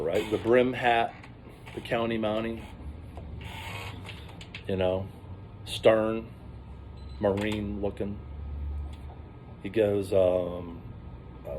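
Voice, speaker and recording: A man telling a rambling, animated story in casual vlog style, acting out what people said. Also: lowish voice, slight background noise. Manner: rambling, animated, acts out quotes.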